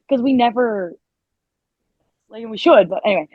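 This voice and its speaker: A woman guest chatting casually on a podcast, telling a story with lively quoted asides and frequent laughs. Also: mid-range voice, brisk, husky, no room sound, phone-quality sound. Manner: animated storytelling, quotes herself, laughs often. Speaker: guest, country musician and teacher.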